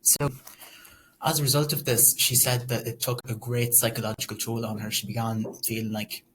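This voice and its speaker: A man at a middle pitch speaks in a flat tone as he gives a semi-scripted class presentation. He keeps a casual manner, dropping in fillers and asides, and faint noise sits behind him. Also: normal speed. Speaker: student presenter.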